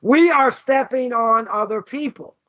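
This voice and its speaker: An extremely high, bright and forceful voice comes from a Boston man teaching an animated Torah lesson as a rabbi, at a slightly slow pace. He's emphatic, asks rhetorical questions, and frequently says "right?" and "you know." The dull lo-fi recording is dry, without echo.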